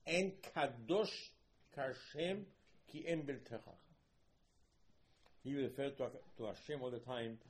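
A man teaching a lively Torah class, asking his listeners rhetorical questions and acting out quoted dialogue with sudden loud, high outbursts.

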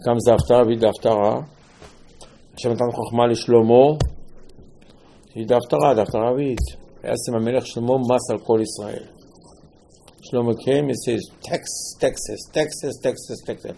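A man's voice: mid-range voice, fast talker, creaky, long pauses, dark tone, slight background noise. A man giving a sermon on scripture, telling the stories with animation, acting out the quotes and repeating key words for emphasis. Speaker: religious teacher.

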